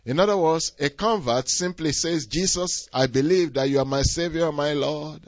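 A man preaching a sermon, swinging from quiet asides to loud, rising exhortation. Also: fairly high pitch, moderate pace, no room sound. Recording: dull, slightly lo-fi dry recording.

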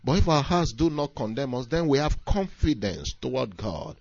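A man's voice: mid-range voice, sing-song, moderate pace, gravelly, darkish tone, no room sound, highs cut off. A man preaching a sermon, reading scripture and pressing his points with rising emphasis.

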